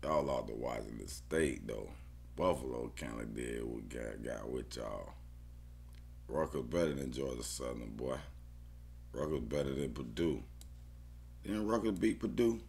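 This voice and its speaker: A man's voice: very deep voice, lively intonation, measured pace, vocal fry, a little mellow, slight background noise. A man thinking aloud about his football bets in casual slang, often muttering to himself. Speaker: sports bettor.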